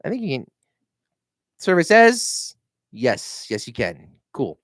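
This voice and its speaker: A middle-aged man rambling in a casual vlog, telling animated stories and swearing freely. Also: a little high, takes it slowly, no echo, clean studio sound. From Minnesota. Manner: animated storytelling, mimics voices, swears freely. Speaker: realtor vlogger.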